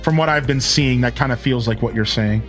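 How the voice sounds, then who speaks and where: A man's voice: mid-range voice, a little fast, a bit bright, soft background music. A man streaming live, chatting in a rambling, casual way and answering his chat.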